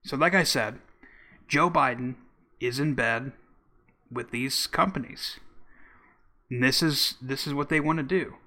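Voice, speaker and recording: A man from Oklahoma hosting a podcast, commenting casually in a loose, halting way with repeated words. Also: mid-range voice, sharp tone. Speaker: podcast host.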